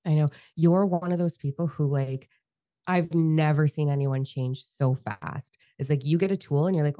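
A woman co-hosting a podcast, talking bluntly and casually, swearing freely and telling animated stories. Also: low voice, moderate pace, dry recording, studio quality. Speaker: podcast co-host.

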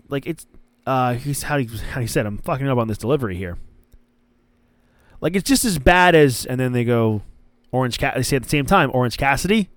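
A man's voice: mid-range voice, animated, a little fast, no echo. A young man hosting a casual wrestling podcast, rambling with restarts and acting out quoted lines. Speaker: podcast host.

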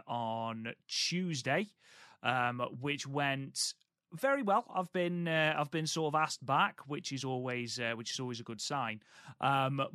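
A man co-hosting a casual podcast, telling stories in a chatty, animated way with self-deprecating humor. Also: mid-range voice, smooth, dry recording, studio quality. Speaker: podcast co-host.

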